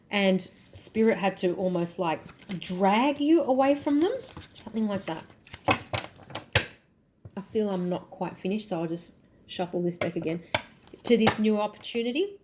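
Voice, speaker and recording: A woman's voice: mid-range voice, a little mellow, slight background noise. A woman reading tarot to camera, emphatic and thinking aloud, often repeating her phrases. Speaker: tarot reader.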